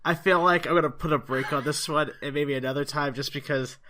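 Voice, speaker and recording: A man's voice: on the high side, steady tone, brisk, very noisy. A man co-hosting a podcast in a casual chat, moving the talk along with an easy laugh. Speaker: podcast co-host.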